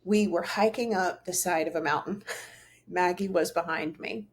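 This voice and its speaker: A woman's voice: on the low side, normal speed. A middle-aged woman hosting her own show, talking earnestly and casually to camera, rambling with fillers and restarts. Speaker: host. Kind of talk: casual solo talk to camera.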